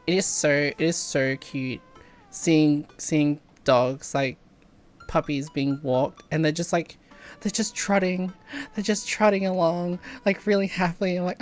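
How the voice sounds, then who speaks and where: A woman game streamer chatting casually while she plays, animated, laughing often and swearing freely. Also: fairly low pitch, measured pace, faint music behind. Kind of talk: casual chat while playing.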